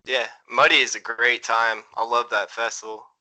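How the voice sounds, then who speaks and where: A man's voice: mid-range voice, level tone, normal speed, bright, forceful tone, low-quality recording. A man hosting a casual interview, laid-back and loose, swearing casually as he talks. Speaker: interview host.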